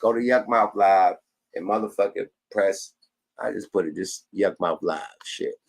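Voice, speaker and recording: A man hosting his own livestream podcast, talking casual and profane with a slurred, gravelly drawl. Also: low voice, normal speed. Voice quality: gravelly, slurred like a drunk wino. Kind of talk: casual stream sign-off.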